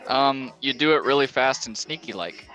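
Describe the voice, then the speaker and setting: A man hosts a gaming stream and chats casually with friends. His bright, forceful voice carries his crude, laughing storytelling, and he breaks into laughter between lines. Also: medium pitch, moderate pace, soft background music. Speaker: streamer host. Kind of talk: casual chat while gaming.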